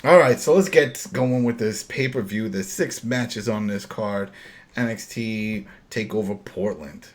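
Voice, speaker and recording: This is a man with a thick Brooklyn accent hosting a casual wrestling chat. His voice sits a little low, and he talks bluntly, with plenty of profanity and lively emphasis. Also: measured pace. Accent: New York Brooklyn. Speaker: podcast host.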